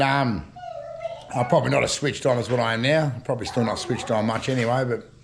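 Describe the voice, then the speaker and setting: A man's voice: medium pitch, creaky, slight background noise. An older Australian man telling rambling, chuckling stories at home in casual slang. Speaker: storytelling vlogger. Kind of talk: casual yarn-spinning.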